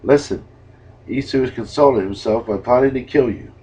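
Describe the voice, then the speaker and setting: A man's voice: medium pitch, normal speed, warm tone, husky, close to an everyday voice. A man reading an urgent scheming mother. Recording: dull lo-fi recording.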